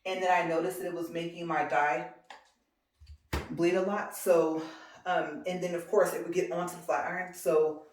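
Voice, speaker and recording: A woman's voice: lowish voice, level tone, normal speed, slight background noise. Chatty woman vlogging in an echoey room. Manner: rambling, chatty, lots of "like" and "um". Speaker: beauty vlogger. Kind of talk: casual hair-care tutorial vlog. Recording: roomy echo.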